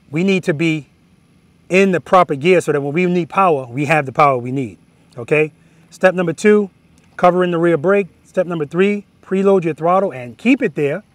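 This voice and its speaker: A man teaching slow-speed motorcycle skills outdoors, coaching directly and repeating key words for emphasis. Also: fairly high pitch, no echo. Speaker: motorcycle riding instructor. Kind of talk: outdoor riding lesson instruction. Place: outdoor practice lot.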